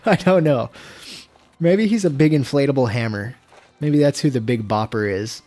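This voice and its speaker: A man's voice: medium pitch, moderate pace, a little mellow. A young man streaming a video game, chatting casually in a rambling, profane way and getting easily exasperated. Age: young adult. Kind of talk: casual gameplay commentary.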